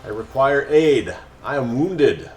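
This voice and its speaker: A man's voice: mid-range voice, expressive, slow, voice pushed up. A man reading the lines of his player character, a starship captain, in a plain voice. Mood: pleading. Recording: roomy echo, faint music.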